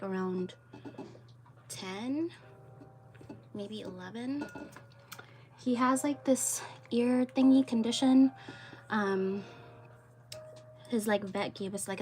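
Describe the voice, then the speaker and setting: A woman's voice: medium pitch, slow pace, pauses often, a little mellow. A young woman chatting casually on a home livestream, rambling with lots of fillers. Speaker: streamer. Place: home room with dogs.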